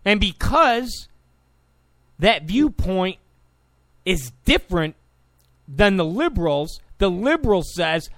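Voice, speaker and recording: A man's voice: high voice, sing-song, slow pace, pauses often, a bit bright, no echo. A man giving opinionated political talk commentary, combative and sarcastic toward his opponents. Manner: combative, mocks opponents in quoted voices.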